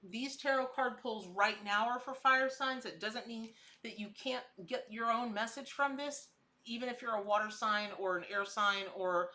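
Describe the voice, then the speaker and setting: A chatty middle-aged woman runs a live-stream tarot reading, answering her chat by name with plenty of laughs. Her voice sits a little high and rings bright and forward. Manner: laughs often, with frequent restarts.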